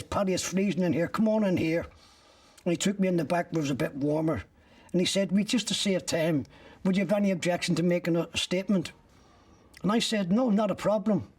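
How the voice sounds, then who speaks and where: Older guy with a rough husky voice telling what happened to him step by step, mic kinda far off. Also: on the high side, a little mellow. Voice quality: gravelly, husky. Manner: detailed step-by-step retelling, acting out other people's words. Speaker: interviewee recounting his arrest. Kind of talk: personal testimony in a documentary. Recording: voice picked up from a distance.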